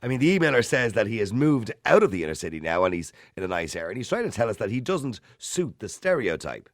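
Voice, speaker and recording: A man's voice: on the low side, sing-song, fast, dry recording, studio quality. A man with a Dublin accent hosting late-night talk radio, chatty and opinionated, often putting questions to listeners. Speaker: radio talk show host. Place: radio studio. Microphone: studio microphone.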